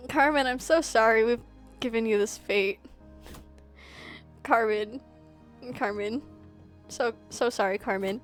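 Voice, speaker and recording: A woman's voice: fairly high pitch, normal speed, soft background music. A young woman streaming a game, chatting casually and rambling with lots of "like". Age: young adult. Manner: rambling, fillers of "like". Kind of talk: casual gameplay chat.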